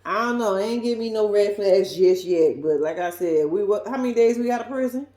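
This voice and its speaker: A woman's voice: mid-range voice, brisk, dark tone. A woman giving a blunt, sassy, profanity-laced casual recap of a reality show. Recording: roomy echo.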